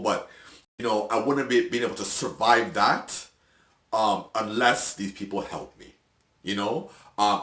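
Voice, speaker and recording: A middle-aged man sharing his personal testimony in an earnest, halting, emotional way, with restarts and soft laughs. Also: deep voice, reverberant. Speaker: video host.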